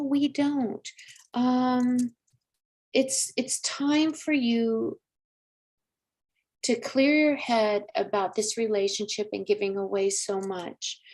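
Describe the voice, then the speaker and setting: Middle-aged woman psychic on a live stream, higher voice, warm, coaxing, chatty tone. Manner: chatty, coaxing, calls viewers honey and girl. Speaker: psychic medium. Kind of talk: live-stream astrology reading.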